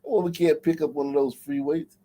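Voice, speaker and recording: A man's voice: on the high side, steady tone, quick pace, mellow, low-quality recording. A male livestream host giving casual, profane, mocking reaction commentary.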